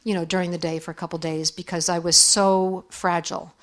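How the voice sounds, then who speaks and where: A woman's voice: lowish voice, flat delivery, a little fast. A middle-aged woman giving a candid, reflective talk on faith and forgiveness to other women, sharing stories. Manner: candid, conversational, acts out quoted voices.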